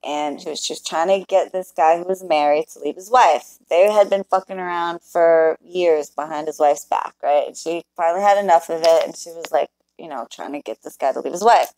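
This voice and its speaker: Telling a client story to her live chat, a spiritual worker swears freely and speaks bluntly, straight to her viewers. Her low, slightly mellow voice moves at a moderate pace with few pauses. There's no room sound, though the recording is rough.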